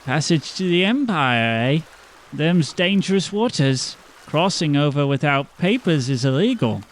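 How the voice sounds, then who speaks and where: A woman's voice: sits low, sing-song, measured pace, a little hiss or hum. A man voicing a young half-elf woman teacher who talks in a folksy, rustic way. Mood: wary. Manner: folksy, cheery with a rustic twang.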